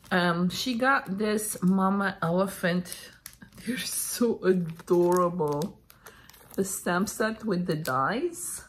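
A woman from Canada opening a parcel of craft supplies, chatting casually and gushing with thanks, a little unwell and clearing her throat. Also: lowish voice, slight background noise. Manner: gushing, slow and chatty, frequent thank-yous. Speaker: crafting vlogger opening happy mail. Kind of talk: casual unboxing chat.

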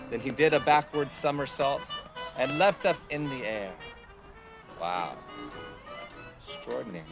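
A man leading an online music lesson for children outdoors, reading a storybook in a lively, encouraging sing-song voice and guiding a dance. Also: fairly high pitch. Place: outdoors in a park. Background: music playing.

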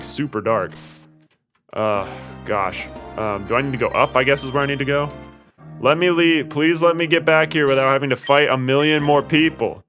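This fairly high, slightly bright male voice belongs to a let's play host. He rambles through commentary on his game, sounding exasperated and begging the characters on screen.

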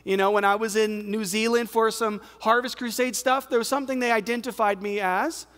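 In a reverberant hall, a man with an American accent preaches fairly quickly, his high, fairly bright voice keeping fairly even intonation. As pastor, he's conversational and emphatic, putting questions to the congregation.

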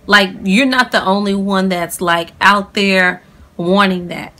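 Woman vlogger in her 30s, bright voice, chatty, jumps in with corrections. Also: mid-range voice, fairly even intonation, unhurried. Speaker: vlogger, host of the channel. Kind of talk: casual heartfelt chat.

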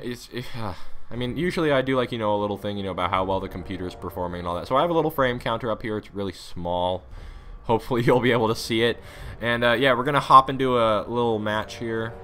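A man doing excitable, rambling commentary over his own gameplay into a USB desktop microphone at his home computer. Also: mid-range voice. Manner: rambling, excitable, talks to viewers. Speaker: gaming YouTuber.

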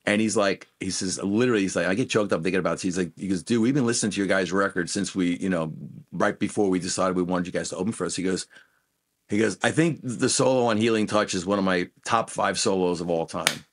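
A middle-aged man with a fairly low voice tells stories in a relaxed interview. He jumps into the voices of the people in his anecdotes and keeps the talk casual and animated. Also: fast talker. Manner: animated anecdotes, acts out quoted dialogue. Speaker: guest musician.

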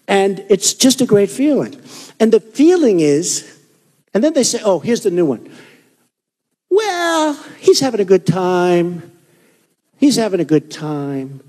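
A man in his sixties running for office gives a boastful, rambling rally speech in a hot indoor hall with a crowd. His voice is high, husky, and darkish in tone, captured in a reverberant space with crowd noise.

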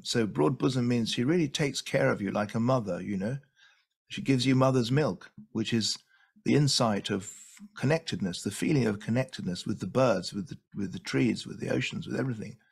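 A man gives an enthusiastic lecture, often doubling words as he presses a point. His voice has a gravelly, fried texture. It rests at an ordinary middle pitch. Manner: enthusiastic, repeats words for emphasis. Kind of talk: illustrated lecture.

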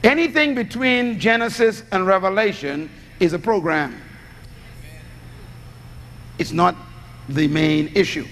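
A man with a high-pitched, slightly bright voice preaches a sermon, speaking a little slowly and pausing often. He teaches by posing questions to the congregation and answering them himself, with long hall reverb around him.

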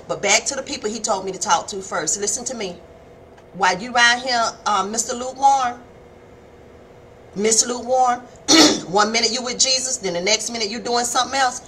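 A middle-aged woman, preaching a folksy, animated devotional sermon on a live stream and calling her listeners baby and honey. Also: on the high side, a little fast, slight background noise. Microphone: phone or webcam on a live stream.

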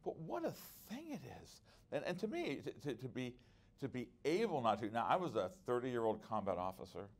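A man's voice: medium pitch, big pitch swings, fairly quick. A middle-aged man teaching at a conference workshop, earnest and conversational, with frequent restarts and personal stories. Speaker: preacher.

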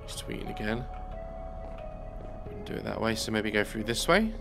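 A man's voice: lowish voice, animated, normal speed, creaky, music in the background. Chatty man narrating a video game. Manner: chatty, amused and bemused, thinking aloud. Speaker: gaming YouTuber. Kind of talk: let's play commentary.

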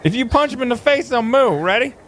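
A man's voice: very high-pitched, expressive, a little fast, slight background noise. A man hosting a gaming channel, bantering goofily with a co-op partner as they play. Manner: goofy, playful banter, jokes around. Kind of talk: casual co-op gameplay commentary.

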